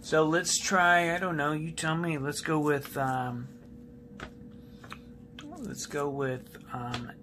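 A man's voice: a little high, little pitch movement, slow, long pauses, noisy background. A male math teacher giving a recorded classroom lesson, patiently repeating key steps and asking students questions while he writes on a board.

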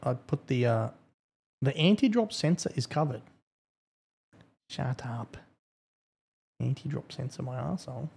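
A man's voice: medium pitch, big pitch swings, measured pace, creaky, long pauses, a little mellow, breathy edge. A young man streaming a game, chatting casually, swearing often, blunt and grumbling between laughs. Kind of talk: casual live-stream chat while gaming.

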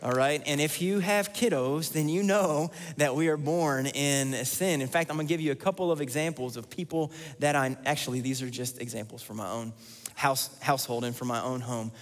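A man's voice: medium pitch, normal speed. A man preaching a sermon as pastor, earnest and repeating key lines for emphasis. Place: church sanctuary. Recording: long church hall reverb.

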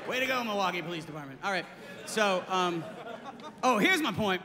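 A male stand-up comedian telling a true story on stage, animated, swearing freely and jumping into character voices. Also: sits high, brisk, over a noisy crowd. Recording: reverberant club with clear background noise.

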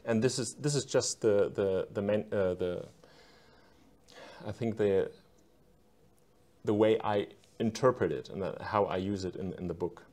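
A man discussing his own book in an academic conversation, careful and halting as he searches for words. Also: fairly low pitch, darkish tone.

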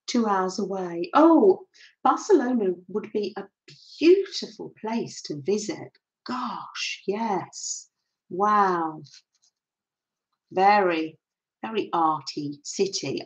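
An older woman hosting a craft livestream, chatting casually with viewers and greeting them with many soft "oh"s and little laughs. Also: mid-range voice.

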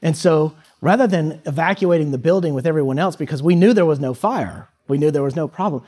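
Man telling a story, a touch high. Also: a little fast, warm tone, slightly rough. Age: 30s. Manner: anecdotal, loose and conversational with many fillers. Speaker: guest speaker at a high school. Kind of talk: storytelling speech.

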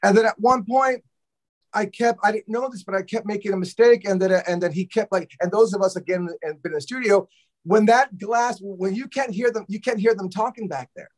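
A man with a fairly high voice tells a studio story in a loose, animated way. He swears freely and acts out everyone's lines as he goes. He is a drummer from Los Angeles, chatting as a guest. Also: brisk. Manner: animated, profane, acts out quotes. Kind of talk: casual storytelling interview.

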